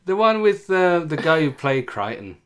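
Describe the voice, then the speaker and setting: Brief: podcast co-host, playful, pitch bouncing all over, quick to laugh. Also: very animated, a bit bright, smooth. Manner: jokey, laughs often, slips into silly voices. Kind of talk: casual podcast chat.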